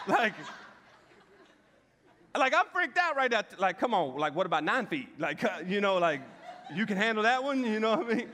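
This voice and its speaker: A man preaching a humorous sermon to a church audience, telling funny stories in a joking, animated way. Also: high-pitched, normal speed, a little hiss or hum. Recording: hall reverb.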